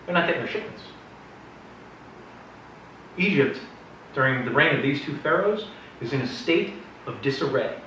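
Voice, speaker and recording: A man's voice: mid-range voice, animated, moderate pace, pauses often, a bit bright, slight background noise. A man teaching a Bible history class in a casual, chatty way, wandering into joking asides while the class asks questions. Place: classroom with a live audience. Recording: echoey room, distant, dull sound.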